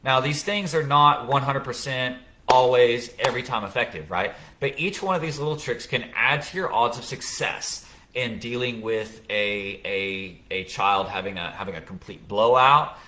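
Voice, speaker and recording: A man's voice: medium pitch, normal speed, sharp tone, slight background noise. A middle-aged man hosting a casual live podcast, thoughtfully explaining parenting ideas with examples and frequent restarts. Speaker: podcast host.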